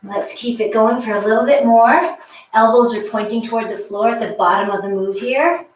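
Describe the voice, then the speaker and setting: A woman's voice: a little high, normal speed. A woman leading a guided workout class, counting reps with chatty asides and slightly out of breath. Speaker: fitness instructor. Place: exercise room with a wall. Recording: echoey room, mic far off.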